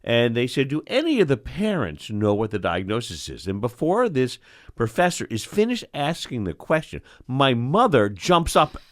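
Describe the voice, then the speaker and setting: An older man from New York who hosts a show as an eye doctor, telling lively stories in casual chat and acting out the voices of the people in them. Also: medium pitch, normal speed. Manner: animated storyteller, acts out voices. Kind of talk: storytelling chat.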